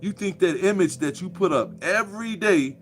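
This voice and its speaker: A man talks in a profane, mocking, preachy ramble. His voice sits a little higher than most men's. Faint music plays behind him. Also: normal speed, a bit bright. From Chicago. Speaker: commentator. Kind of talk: casual monologue.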